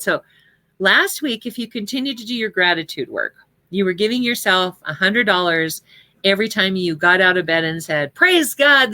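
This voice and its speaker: A woman's voice: on the low side, sharp tone, no room sound. Earnest, chatty woman teaching affirmations. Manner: chatty and earnest, with many fillers and occasional laughs. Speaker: spiritual prosperity teacher. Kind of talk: casual teaching talk.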